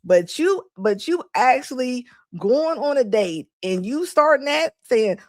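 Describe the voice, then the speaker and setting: A woman commenting live to her chat, animated and laughing often as she mocks the people she quotes. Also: sits high, a little slow, hardly any pauses, no echo, studio quality. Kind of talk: reaction stream talking to chat.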